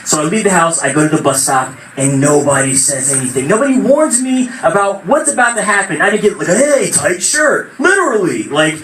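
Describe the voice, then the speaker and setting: A young man telling an animated stand-up story at an open mic, now and then shouting out quoted voices. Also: a little high, brisk, few pauses, crowd noise. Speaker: stand-up comedian. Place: small venue at open mic night. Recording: echoey room, far from mic, noisy.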